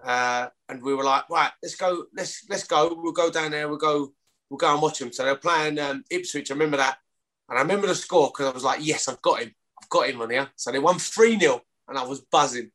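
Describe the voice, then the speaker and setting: A man's voice: fairly high pitch, fairly quick, fairly bright tone. A man in his thirties with a London accent, a rugby player chatting casually as a guest, rambling with stumbling restarts and some swearing. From London, England. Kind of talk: casual chat.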